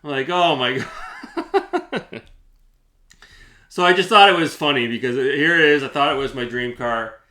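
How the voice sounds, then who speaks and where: A man's voice: mid-range voice, quick pace, bright, forceful tone. A man hosting his own channel, telling a story to camera in a chatty way, with many fillers and restarts. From Canada. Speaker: gaming channel host.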